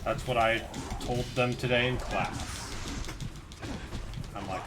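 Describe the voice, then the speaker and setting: A man's voice: medium pitch, fairly even intonation, takes it slowly, pauses often, background noise. A young man from Idaho, a streamer chatting casually while gaming and riffing jokes. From Idaho, United States. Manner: joking, riffing bits.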